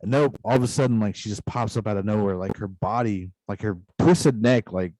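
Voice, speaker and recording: A man's voice: fairly low pitch, fairly quick, darkish tone, no room sound, rough recording. A man casually retelling a long dream on a podcast, rambling loosely with constant asides. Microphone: podcast microphone.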